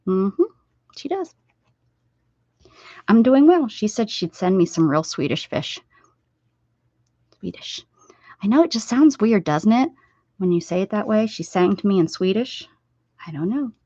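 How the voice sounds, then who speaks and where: A woman's voice: mid-range voice, lively intonation, normal speed, long pauses, mellow, no room sound. Woman, rambling craft stream host, chatty with viewers, muffled lo-fi sound. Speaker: livestream host. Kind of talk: casual livestream chat while sewing. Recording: dull, dry lo-fi sound.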